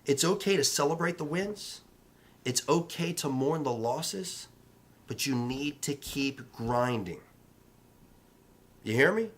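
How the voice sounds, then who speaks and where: A man in his thirties talks straight to the camera in a motivational vlog. He leans on blunt repetition and a coaching tone, with a voice of middling pitch. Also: measured pace. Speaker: real estate vlogger.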